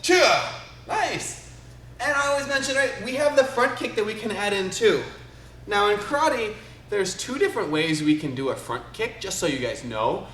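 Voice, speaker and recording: A man's voice: sits high, sing-song, normal speed, a bit bright, a little hiss or hum. A man teaching a live online karate class for kids, upbeat and encouraging as he calls out counts and commands, filmed in a martial arts studio by a camera a few steps away. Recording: roomy studio echo.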